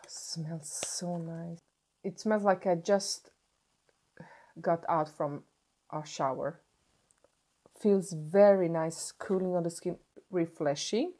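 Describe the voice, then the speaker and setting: Unwrapping makeup for her vlog, a young Swedish beauty vlogger talks in English with excited gushing, pausing and restarting along the way. She speaks a touch low, in a mellow, warm voice that lacks brightness.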